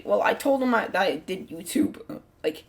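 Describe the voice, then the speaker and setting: Woman telling a storytime on her channel, mid pitch, rambly, says like a lot, swears now and then. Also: expressive, normal speed. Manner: rambling, heavy use of "like" fillers; casual swearing. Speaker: channel host. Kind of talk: casual storytime narration.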